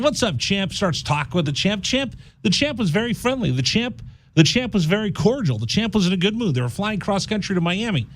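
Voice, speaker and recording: This is a male college radio host spinning a comic story in casual banter. His voice sits high and swings widely as he plays up the punchlines. The studio sound is close and dry. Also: no echo. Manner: animated, jokey storyteller who slips into mock voices.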